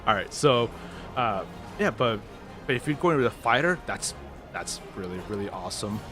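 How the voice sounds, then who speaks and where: A man's voice: on the low side, very animated, moderate pace, pushed and bright. A man hosting a casual game livestream, rambling with lots of restarts and easy laughs. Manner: rambling, many fillers and restarts, laughs easily. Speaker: gaming livestream host. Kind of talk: casual live-stream chat. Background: game music.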